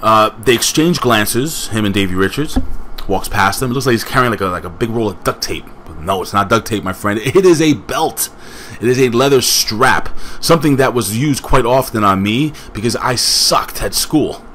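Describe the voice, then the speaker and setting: A man's voice: on the low side, moderate pace, bright, forceful tone, slight background noise. A man casually reviewing a wrestling show, rambling with joking asides and chatting to a friend off camera.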